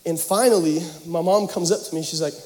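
A young man preaches with an animated, joking storytelling manner. His voice sits high for a man. Long reverb rolls through the large church hall around him. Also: fairly quick. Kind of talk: sermon.

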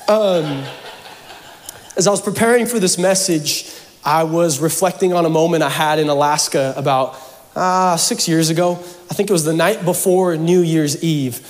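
A man's voice: fairly high pitch, normal speed, long reverb tail. A pastor from Seattle preaching a sermon to his congregation in church, mixing scripture with jokes and playful asides. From Seattle, USA.

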